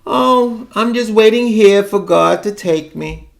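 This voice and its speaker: A sighing, resigned old woman of great age, pitched well up and sad as a man puts her on. Her voice sags with weariness, and she talks about waiting to go. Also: takes it slowly, creaky, full character voice.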